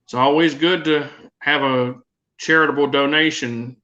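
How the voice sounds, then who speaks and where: A man's voice: fairly high pitch, fairly even intonation, normal speed, sharp tone. A man hosting a podcast in casual chat, hesitant, with many restarts. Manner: hesitant, restarts before making a point. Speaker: podcast host. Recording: dull lo-fi sound.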